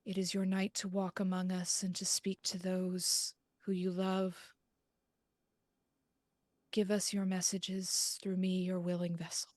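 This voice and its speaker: A woman voicing a solemn spiritualist medium who speaks slowly in a hushed, breathy tone. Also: fairly low pitch, completely flat delivery, dry recording, clean studio sound, natural voice.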